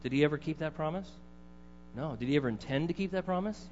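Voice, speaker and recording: A man's voice: fairly high pitch, quick pace, a little mellow. A middle-aged man preaching a sermon in a conversational way, putting questions to his congregation. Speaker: pastor. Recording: dull, echoey hall with mains hum.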